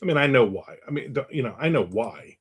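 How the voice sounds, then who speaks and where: A man's voice: medium pitch, animated, brisk, fairly bright tone, slightly rough. Chatty man telling a rambling anecdote. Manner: rambling, anecdotal, reads viewer comments aloud. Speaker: author hosting his own stream. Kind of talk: casual chat and storytelling.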